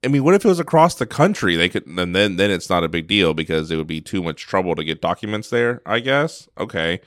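A man's voice: sits low, very animated, fast, fairly bright tone, no room sound, studio quality. A man co-hosting a podcast in casual chat, wry and asking rhetorical questions. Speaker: podcast co-host.

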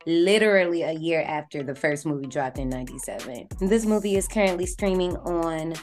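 A woman's voice: deep voice, brisk, darkish tone, faint music behind. A woman co-hosting a film podcast, chatting casually, teasing and swearing freely. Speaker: podcast co-host. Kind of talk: casual chat and film review.

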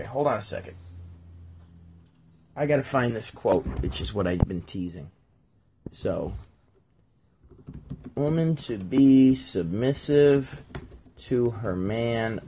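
A man's voice: mid-range voice, lively intonation, slow pace, pauses often, dark tone, a little hiss or hum. A man hosting a casual talk, reading Bible verses aloud and joking about them as he goes. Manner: jokey, talks while flipping through pages. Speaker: podcast host reading scripture.

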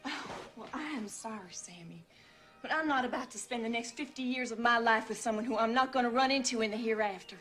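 Woman as a pious young bride, high and prim, scolding, faint music under. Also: brisk, a bit bright, lightly acted. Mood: reproving. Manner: prim and reproving.

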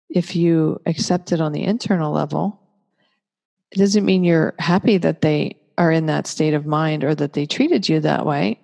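A woman with a low, mellow voice talks through a parenting lesson in a calm, reflective way. She is gentle and patient and builds her points slowly with examples, and a long reverb trails behind her words. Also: vocal fry. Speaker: parenting speaker. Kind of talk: calm reflective teaching talk. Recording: long reverberant room echo.

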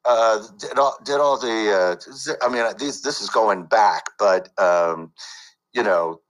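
A man's voice: lowish voice, unhurried, poor audio. A man who works as a voice actor and coach, talking casually in an interview with many fillers and restarts.

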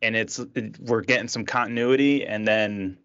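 A man's voice: lowish voice, steady tone, normal speed, fairly bright tone, clear, resonant tone, dull audio. A man co-hosting a podcast, talking about sports in a dry, matter-of-fact way. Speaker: podcast co-host. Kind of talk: casual sports chat.

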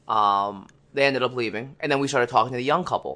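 A man's voice: mid-range voice, a little fast, few pauses, pushed and bright. A man co-hosting a podcast, telling a long anecdote in casual chat and acting out other people's lines. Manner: rambling anecdote teller, acts out others' lines. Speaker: podcast co-host.

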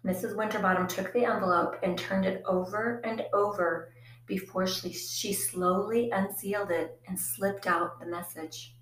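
A woman reads a first-person story aloud in a quiet, reflective way, her voice sitting in a middle register. The recording carries a noticeable echo from the room. Her storytelling stays even and unhurried. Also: medium pitch. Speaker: audiobook narrator. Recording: echoey room.

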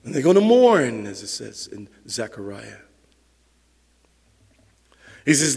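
A man's voice: mid-range voice, very animated, a little slow, long pauses, husky. A man preaching a sermon as pastor, in an emphatic, conversational way, acting out the quotes he reads. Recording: long reverb of a large hall.

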